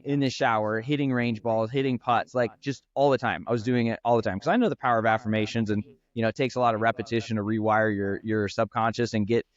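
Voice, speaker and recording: A man's voice: medium pitch, lo-fi sound. A man who teaches golf, talking earnestly in a casual podcast chat, with lots of fillers. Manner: earnest, fast-flowing with frequent fillers. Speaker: golf instructor and brand founder.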